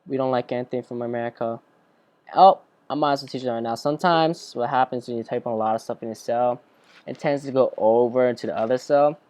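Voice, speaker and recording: Young man, student tutor, casual rambling tutorial, smooth voice, dry sound. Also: mid-range voice, quick pace, darkish tone, no echo. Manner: rambling, joking, chatty asides. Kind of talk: screen-recorded software tutorial.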